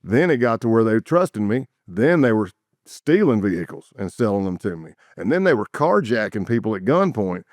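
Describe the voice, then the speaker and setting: Speaking at a normal speed in a voice on the low side, a middle-aged man from South Carolina who used to work undercover shares stories as an interview guest, animatedly imitating the people he quotes. The sound is dry and clean, like a studio.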